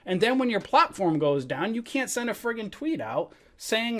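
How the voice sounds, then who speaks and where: Fired-up man ranting, lively swings. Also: high-pitched, normal speed, hardly any pauses. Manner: heated, swearing, loud outbursts then muttering. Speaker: stock trading educator. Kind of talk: angry livestream rant.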